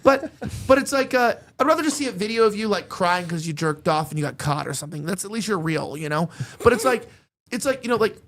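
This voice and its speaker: A man in casual podcast banter, rambling and animated, stacking filler words and breaking into quick laughs. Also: high-pitched. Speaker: podcast panelist.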